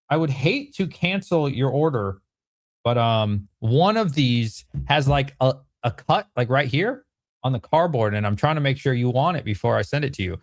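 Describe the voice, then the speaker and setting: A man's voice: mid-range voice, expressive, moderate pace, dry recording, studio quality. A man casually running through card products on a live stream, chatty and rambling, correcting himself as he goes. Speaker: Pokemon card seller streaming.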